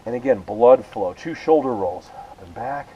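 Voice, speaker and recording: A man teaching a beginner yoga class, calling out poses and breaths in relaxed, encouraging cues with casual asides. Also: medium pitch, moderate pace, muffled recording, slight background noise. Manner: relaxed, encouraging cueing with self-aware asides. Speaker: yoga instructor. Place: outdoors with rain and hummingbirds about.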